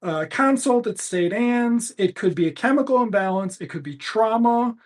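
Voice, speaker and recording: A man voicing a pompous male doctor from the nineties, lecturing in a slow, preachy, solemn way. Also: sits high, expressive.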